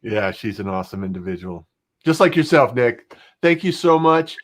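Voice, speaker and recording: In a casual interview chat, a middle-aged podcast host rambles with plenty of fillers. His medium-pitched voice is very animated, and he keeps a moderate pace.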